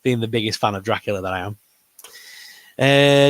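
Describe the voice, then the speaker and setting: A man's voice: fairly low pitch, brisk, dry recording. A man with a northern English accent, co-hosting a casual toy and geek news chat in a rambling, upbeat way. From northern England. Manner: rambling, upbeat, trails off humming. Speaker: co-host of a toy news show.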